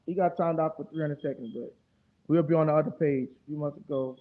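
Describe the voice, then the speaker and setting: A high-voiced man with a New Orleans accent hosts a casual live stream. He rambles in a profane and heated way. His voice comes through thin and tinny, like a phone line. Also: steady tone, quick pace. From New Orleans, Louisiana. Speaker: streamer host.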